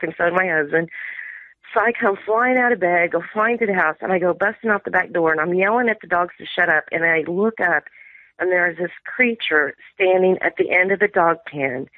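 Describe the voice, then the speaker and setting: A woman's voice: lowish voice, moderate pace, no room sound. Middle-aged female caller on a phone line, rambling storyteller, quotes family in dialogue. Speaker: caller sharing an encounter. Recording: tinny dry phone line.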